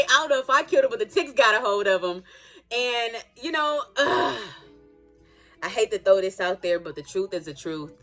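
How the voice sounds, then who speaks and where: An adult woman telling a personal story in a casual, animated and dramatic way, with playful asides. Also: medium pitch. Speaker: storytime vlogger.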